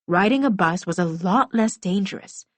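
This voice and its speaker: A woman's voice: mid-range voice, expressive, normal speed, dry recording. A woman reading a first-person middle-grade novel aloud as an audiobook narrator, telling it expressively.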